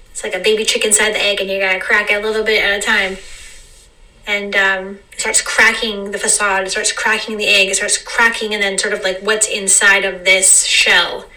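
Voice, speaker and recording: A woman talking unscripted in a meandering, reflective monologue, repeating phrases and slowing down to stress words. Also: medium pitch, pushed and bright, far from the mic, rough recording. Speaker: vlogger.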